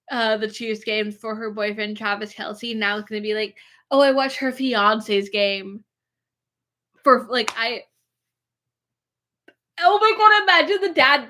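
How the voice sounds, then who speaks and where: A woman's voice: fairly high pitch, fairly bright tone. A woman vlogger chatting casually and rambling, with lots of fillers. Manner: gushing, filler-heavy, rambling. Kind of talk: casual chat.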